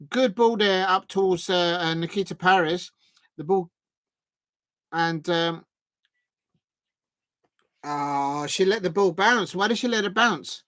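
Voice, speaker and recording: Hosting a live fan watch-along, a man speaks in a high-pitched, pushed, bright voice with no room sound. He keeps up casual, chatty commentary full of fillers and restarts, talking with viewers and reading out and thanking them.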